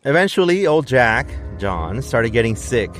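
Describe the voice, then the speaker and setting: A man's voice: mid-range voice, big pitch swings, unhurried, fairly bright tone, soft background music. Casual man retelling a ghost story. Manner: tells the story with frequent "right?" and "like" asides. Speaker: podcast co-host telling the story.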